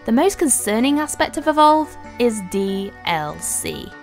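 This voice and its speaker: A high-pitched woman delivering a ranting game review. She is sarcastic and exasperated, and swears freely, with faint music playing behind her. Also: expressive, unhurried.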